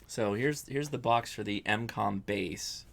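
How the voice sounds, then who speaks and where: A man's voice: lowish voice, a little slow, gravelly, a little hiss or hum. A young adult man hosting a casual live-stream Q&A, chatty and rambling, often correcting himself as he answers viewer questions.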